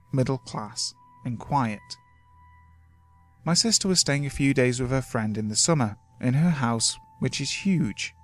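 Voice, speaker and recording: A man reading first-person scary stories from the woods as scripted horror narration, steady and measured. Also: mid-range voice. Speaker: creepypasta narrator. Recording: faint music underneath.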